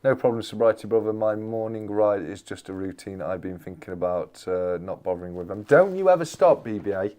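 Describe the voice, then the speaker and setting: A man's voice: sits low, little pitch movement, brisk, hardly any pauses, mellow. A man hosting a casual live chat, answering viewers and repeating his phrases with plenty of "mate.". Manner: chatty, repeats phrases, calls everyone mate. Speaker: livestream host.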